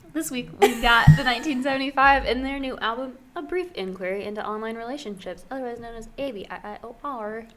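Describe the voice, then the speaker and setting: A young woman co-hosting a casual podcast, relaxed and teasing. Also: on the high side, quick pace, hardly any pauses, slight background noise. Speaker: podcast co-host. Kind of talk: casual chat.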